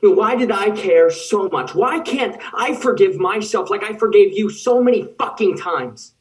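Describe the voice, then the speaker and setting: A man's voice: sits high, animated, moderate pace, recorded from a distance, rough recording. A young man student actor voicing a heartbroken man bitterly confronting the partner who hurt him, in an anguished monologue over a video call. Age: young adult. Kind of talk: dramatic monologue.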